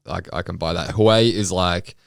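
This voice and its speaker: A man with a very low, gravelly voice talks in a loose, sweary way, trading casual banter on a podcast. The sound is dry and close to the mic. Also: steady tone, normal speed, dry recording. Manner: sweary, laid-back banter. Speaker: podcast co-host. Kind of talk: casual chat.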